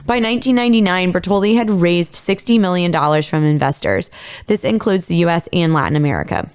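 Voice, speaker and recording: A woman in her thirties recounts a true-crime story on a podcast, chatty and loose with fillers and the odd swear word. Her voice comes through smooth and clear. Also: on the low side, lively intonation, fairly quick, darkish tone. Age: 30s. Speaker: podcast co-host.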